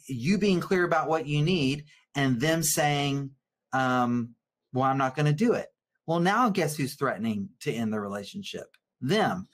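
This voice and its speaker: Earnest male therapist lecturing in a webinar, animated, restarts words when worked up. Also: a little high. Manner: reads viewer comments aloud.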